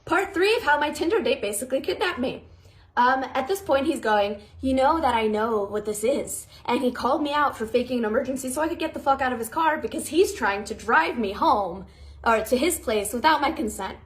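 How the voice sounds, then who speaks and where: Blunt, animated young woman telling a story. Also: high-pitched, fairly quick. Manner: animated, blunt, swears freely. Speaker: TikTok storyteller. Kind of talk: casual storytime to camera. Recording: music bed underneath.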